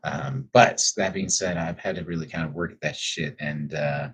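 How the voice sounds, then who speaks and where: At home on a livestream, a man answers chat in a rumbling low, steady voice with a breathy edge, at a moderate pace. He's candid and reflective, rambling a little and swearing plenty.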